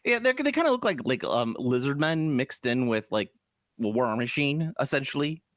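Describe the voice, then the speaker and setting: A man co-hosting a podcast in casual chat, animated and jokey. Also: medium pitch, normal speed, dry recording, clean studio sound. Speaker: podcast co-host.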